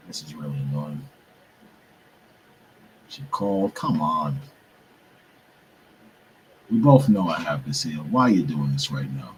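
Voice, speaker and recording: Struggling with his computer, a young man hosting a podcast show chats casually with viewers, muttering and cursing in frustration. He has a bass voice, and the poor audio carries slight background noise.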